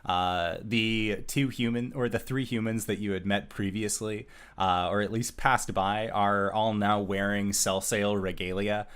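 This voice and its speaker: Man, game master, slow, lowish voice, hesitant with fillers. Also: steady tone, fairly bright tone, clean tone. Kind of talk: narrating a tabletop game.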